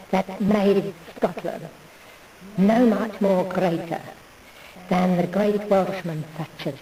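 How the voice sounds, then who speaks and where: A woman's voice: mid-range voice, dark tone, recorded from a distance, low-quality recording. A woman in a meandering, digressive monologue who loses her thread. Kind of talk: rambling monologue.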